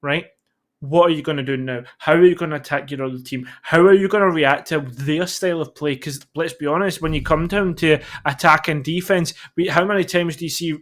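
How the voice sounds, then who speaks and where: A man's voice: a little high, a little fast, a bit bright. A man giving colour commentary on an esports match, conversational and thinking aloud with fillers. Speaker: esports analyst.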